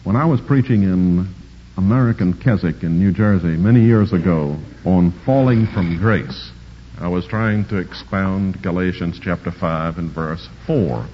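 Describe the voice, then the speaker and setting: A man's voice: low-pitched, slightly rough. A man preaching a sermon, emphatically repeating key words and explaining Greek grammar in a scholarly way. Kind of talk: sermon expounding scripture. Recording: dull lo-fi recording with long hall reverb.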